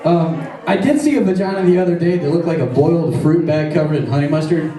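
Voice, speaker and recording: A man's voice: a little high, fast, hardly any pauses, a crowd in the background. A man doing a stand-up comedy set on a stage, telling crude, rambling jokes with self-deprecating asides. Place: comedy stage before a live audience. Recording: echoey room, mic at a distance.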